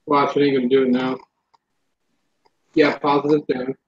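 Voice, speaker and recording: A man's voice: medium pitch, level tone, normal speed, slightly rough. A man hosting a casual chat about vaping gear, blunt and swearing freely, on a dull lo-fi recording. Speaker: vaping show host.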